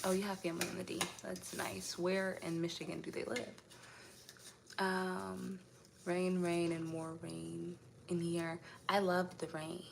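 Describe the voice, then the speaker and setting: Gravelly-voiced woman chatting on a live stream. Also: lowish voice, little pitch movement, a little slow, slight background noise. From United States (raised in Indianapolis). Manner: chatty, answers viewer comments, laughs often. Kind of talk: casual live-stream chat.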